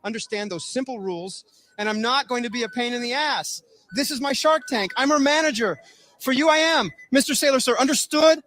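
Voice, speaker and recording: A man's voice: very high voice, fairly quick, pushed and bright. A man voicing a bossy, foul-mouthed male manager in a meme video skit, barking profane orders at his new worker. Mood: domineering.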